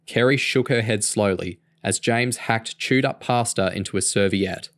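A man reading a novel aloud in a steady, even storytelling manner. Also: on the low side, normal speed, hardly any pauses, dry recording, clean studio sound. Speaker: audiobook reader.

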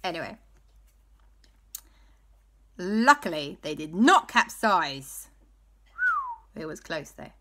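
A woman telling an improvised children's story in a playful way, dropping to hushed tones for spooky parts. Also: lowish voice, very animated, slow, pauses often, background noise. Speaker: storyteller host.

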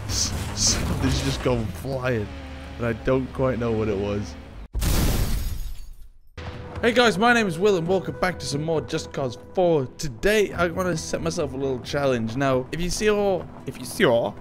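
A man giving excitable, jokey let's play commentary and talking back to game characters. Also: medium pitch, normal speed, music in the background. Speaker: gaming YouTuber. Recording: game sound effects and vehicle noise behind.

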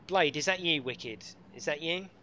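A man's voice: on the high side, moderate pace, bright, forceful tone, lo-fi sound, a little hiss or hum. A middle-aged man, live-streaming a racing game and bantering and swearing with his chat. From United Kingdom.

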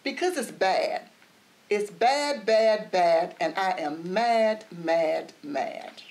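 A woman's voice: on the high side, animated, extremely slow, a little mellow, voice pushed up, exaggerated voice, low-quality recording. A woman doing a sulky little girl. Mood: upset. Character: young girl who hates her hair.

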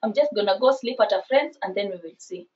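A woman voicing her flustered, pleading young ex-boyfriend in quick, subdued muttering. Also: mid-range voice, lively intonation, darkish tone, pitched below the performer's own voice, close to an everyday voice. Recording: slightly distant, dull sound.

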